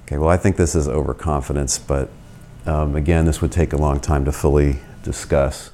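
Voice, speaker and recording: An American man giving a conversational theology lecture, reasoning through arguments with quick asides. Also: rumbling low, steady tone, mellow. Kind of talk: spoken lecture.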